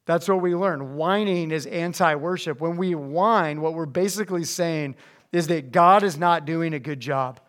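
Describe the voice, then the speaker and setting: Lively young man preaching to teens. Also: on the high side, moderate pace. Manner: animated, conversational, acts out voices when reading scripture. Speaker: youth pastor. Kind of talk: youth sermon.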